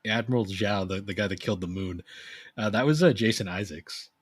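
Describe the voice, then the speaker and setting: Young podcast dude, kinda husky low voice, rambly and laughing through stories. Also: male voice, fairly quick, no room sound. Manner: rambling, animated storytelling with laughs. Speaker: podcast co-host. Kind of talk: casual chat.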